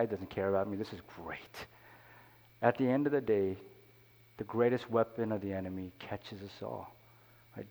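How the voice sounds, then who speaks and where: A man's voice: on the low side, darkish tone. A man, a pastor, preaching a sermon in a conversational way, with many "you know" asides. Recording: long hall reverb.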